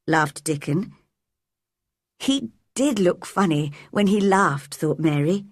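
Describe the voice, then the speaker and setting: Slow, breathy woman narrating an audiobook. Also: lowish voice, no room sound, studio quality. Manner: clear, measured, expressive character voices. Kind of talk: graded-reader audiobook narration for English learners.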